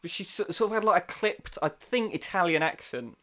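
A man, telling a story in casual comic chat, wry and self-deprecating, with deadpan quoted voices. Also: sits high, brisk. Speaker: podcast co-host.

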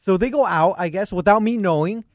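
A man's voice: high-pitched, a little fast, dry recording, studio quality. A man co-hosting a casual podcast, telling a story with lots of laughter and mock lecturing. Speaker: podcast co-host.

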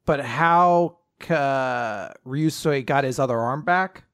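A man's voice: medium pitch, slow, fairly bright tone, clean tone, dry recording. Man, co-host, casual chat, short laid-back remarks, dry close sound. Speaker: podcast co-host.

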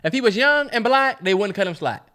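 A man co-hosting a casual sports podcast, blunt and swearing in animated banter. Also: high-pitched, fairly quick. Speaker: podcast co-host.

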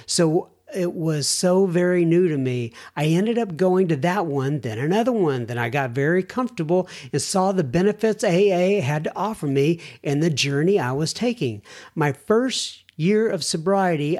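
A man's voice: a little high, normal speed, a little mellow. Male podcast host, reads listener mail, conversational with chatty asides. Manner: reads letters aloud with asides and self-corrections. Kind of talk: casual podcast talk.

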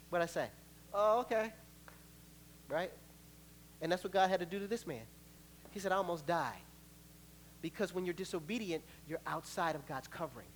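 A man preaching a sermon as pastor, conversational and animated, joking with the congregation. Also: a little high, a little hiss or hum. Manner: animated, acts out quoted voices, laughs between points.

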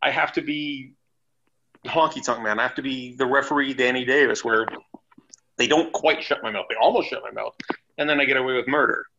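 A man with a gravelly, bright, forceful voice tells his stories bluntly and with plenty of swearing. The recording is dull and lo-fi. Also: medium pitch, a little fast, a little hiss or hum. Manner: blunt, profane, animated storyteller. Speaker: guest, former wrestler. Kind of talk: casual storytelling. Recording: dull lo-fi sound.

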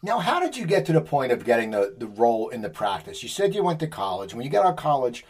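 A man's voice: medium pitch, big pitch swings, fast, husky. A man hosting an interview, asking loose, conversational questions with restarts. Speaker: interviewer host.

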